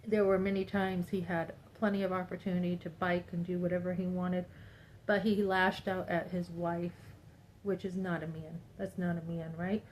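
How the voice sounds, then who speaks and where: A woman's voice: lowish voice, little pitch movement, moderate pace, darkish tone, a little hiss or hum, low-quality recording. A woman in her fifties talking to her viewers in a personal monologue. She sounds upset and speaks emphatically, rambling and acting out what other people said. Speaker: vlogger.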